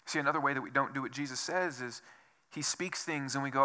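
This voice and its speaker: A man's voice: mid-range voice, fast talker, pushed and bright, smooth. A man preaching a sermon as pastor, asking rhetorical questions over and over and dropping to a whisper for emphasis. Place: church.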